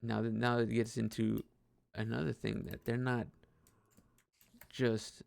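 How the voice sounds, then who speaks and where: Gravelly young man, rambling monologue. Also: mid-range voice, flat delivery, unhurried, a little mellow, no echo. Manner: rambling, self-deprecating, laughs often, many restarts. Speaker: podcast host. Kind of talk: casual personal monologue.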